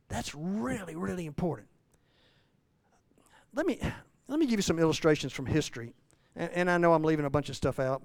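A man in his sixties preaching a folksy sermon full of restarts and self-deprecating asides, rising loud and high when he voices a struggling believer. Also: no room sound. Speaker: pastor.

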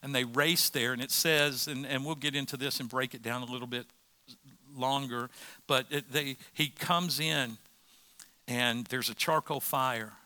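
A man's voice: mid-range voice, fairly even intonation, unhurried, sharp tone, no echo. A man preaching a sermon as pastor, conversational, with rhetorical questions.

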